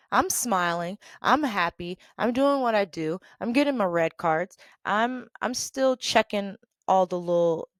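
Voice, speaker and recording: A woman telling a work story in a casual vlog, animated and emphatic, repeating phrases for effect. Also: fairly low pitch, smooth, dry recording.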